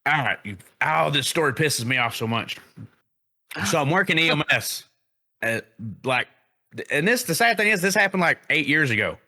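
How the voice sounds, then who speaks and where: A man's voice: on the high side, expressive, normal speed, bright, forceful tone. A man, telling a profane story in a casual podcast chat. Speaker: podcast co-host.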